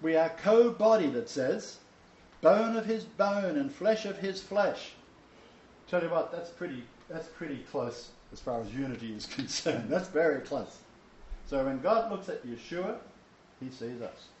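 A man's voice: a little high, expressive, unhurried, darkish tone, echoey room, highs cut off, slight background noise. A man teaching a Bible lecture to a small seated audience, emphatic and joking, with chuckling asides. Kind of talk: informal sermon lecture.

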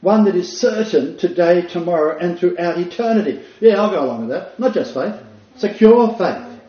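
A man giving a Bible lesson, reading quotes slowly and repeating key words for emphasis. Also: high voice, lively intonation. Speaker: Bible teacher. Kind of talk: teaching talk, reading quotes aloud. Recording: roomy, slightly dull sound.

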